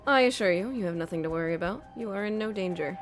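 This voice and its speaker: A woman's voice: mid-range voice, fast talker, faint music behind, pitched below the performer's own voice, close to an everyday voice. A woman reading as a smug, coolly polite captor. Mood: smug calm. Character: calm smug man interrogating a captive.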